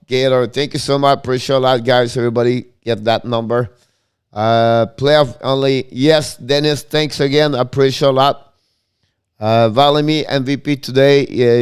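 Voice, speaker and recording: A man hosting a casual hockey live stream, thanking viewers by name with many halting fillers. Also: mid-range voice, darkish tone, clean tone.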